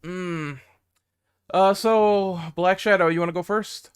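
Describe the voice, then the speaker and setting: Tired man co-hosting, smooth voice. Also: high voice, steady tone, slow. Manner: weary but upbeat. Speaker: podcast co-host.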